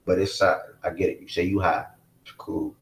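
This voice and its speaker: A man's voice: sits low, flat delivery, a little fast, roomy sound, a little hiss or hum. A man hosting a casual live sports chat stream, talking in a laid-back way full of slang. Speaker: host.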